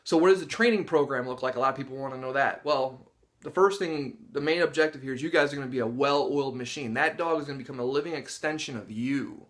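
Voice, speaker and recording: Animated man explaining dog training. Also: medium pitch, fast. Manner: animated storyteller who acts out dogs' and people's reactions with gasps and laughs. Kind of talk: casual instructional talk to camera.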